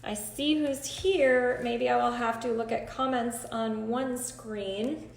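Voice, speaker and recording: A woman's voice: a little high, fairly even intonation, slow pace, creaky, roomy sound. A woman hosting a live stream, talking casually, nervous and shaky with many hesitant ums, close to tears. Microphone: phone or computer.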